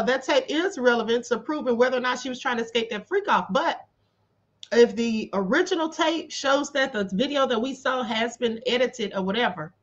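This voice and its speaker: Woman, stream host, high voice, slightly muffled lo-fi audio, opinionated chat. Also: fairly bright tone. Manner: chatty, opinionated, addresses viewers directly. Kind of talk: casual commentary.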